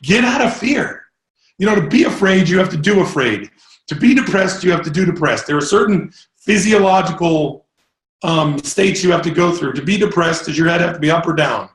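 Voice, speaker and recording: A man giving a live sales coaching talk to a group, energetic and rambling, breaking into sudden whoops. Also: a little high, brisk, reverberant.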